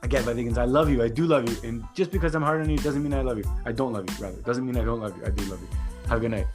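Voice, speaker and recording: A man's voice: mid-range voice, racing, over music. A man hosting a solo podcast, upbeat and chatty, often repeating his greetings and phrases. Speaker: podcast host.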